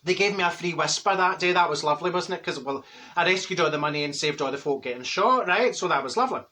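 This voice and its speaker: A man's voice: a little high, animated, fast talker, bright, forceful tone. A man playing a blunt Glaswegian auntie. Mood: gossipy. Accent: Glaswegian Scottish. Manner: rambling, gossipy, blunt with malapropisms. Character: chatty older Glaswegian woman, straight-talking and mischievous. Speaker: comic character. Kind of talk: comic monologue storytelling.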